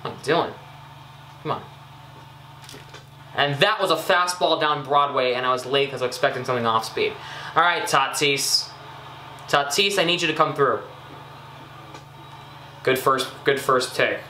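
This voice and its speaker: A young man casually commenting on his own gameplay, chatty and excitable, scolding himself with frequent ums and uhs. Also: medium pitch, moderate pace, pauses often, roomy sound, slight background noise. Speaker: gaming YouTuber.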